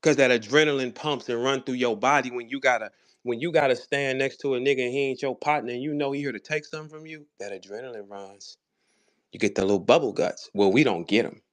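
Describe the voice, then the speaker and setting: A battle rapper from St. Louis, USA, with a St. Louis accent talks fast and casually in a live audio room. His medium-pitched voice carries boastful, profane and preachy talk.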